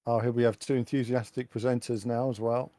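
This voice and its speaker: A man's voice: mid-range voice, level tone, brisk, mellow, no echo. A man co-hosting a stream, giving dry, sarcastic reaction commentary. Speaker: stream co-host.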